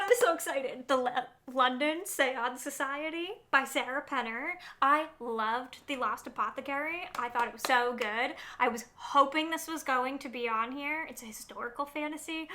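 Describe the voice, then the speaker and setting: A young woman's high, bright-pitched voice spills through a casual book vlog. She gushes and gets carried away, peppering her chat with "like" and "oh my God". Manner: gushing, excitable, lots of "like" and "oh my God". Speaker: book vlogger.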